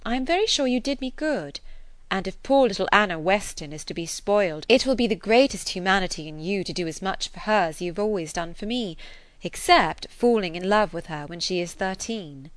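A woman's voice: mid-range voice, brisk, no echo, natural voice. A woman voicing a playful, witty young woman who teases lightly, in an audiobook reading. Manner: teasing, lively.

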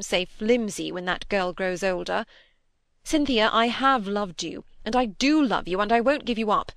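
Insistent young gentleman suitor, self-assured and pressing, read by a woman in a dry, close audiobook voice. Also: mid-range voice, creaky, no room sound. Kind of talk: audiobook character reading.

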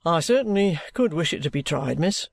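A man voicing a bluff, steady middle-aged ex-soldier who talks plainly and good-humouredly. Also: a little high, moderate pace, gravelly, no echo.

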